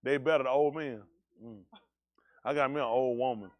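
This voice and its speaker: A man's voice: mid-range voice, moderate pace. A man leading a congregation, bantering casually and teasing people in a joking, folksy way.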